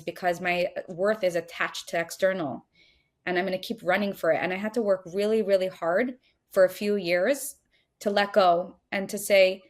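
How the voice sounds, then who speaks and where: A middle-aged woman speaks in a mid-pitched voice, earnest and emphatic as she shares teachings. She circles back with repeated phrases and slips into the voices of her own fears. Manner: earnest, repetitive, emphatic, acts out inner voices. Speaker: podcast guest, Jewish teacher. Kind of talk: heartfelt conversational teaching.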